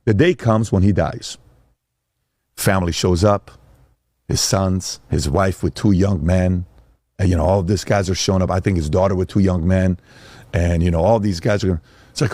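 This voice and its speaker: A middle-aged man and father telling a story in casual talk, animated and acting out quotes in voices. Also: low-pitched, brisk, dry recording. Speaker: father and speaker.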